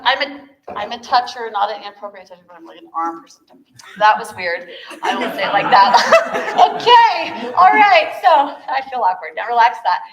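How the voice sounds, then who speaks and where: A woman with a mid-range, somewhat bright voice coaches a viola masterclass on bowing technique, mixing in chatty, encouraging comments. The setting is an echoey room, with an instrument being played.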